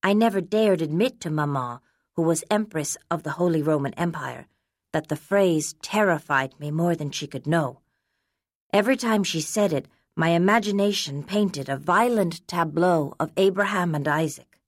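A woman narrating a first-person story in a measured, elegant storytelling manner. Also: fairly low pitch, dry recording, clean studio sound. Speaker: audiobook narrator.

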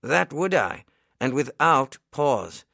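A man reading the part of an earnest, kindly elderly minister in an audiobook, speaking in a solemn, measured, old-fashioned way. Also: mid-range voice, big pitch swings, vocal fry, pushed and bright, dry recording, clean studio sound, exaggerated voice.

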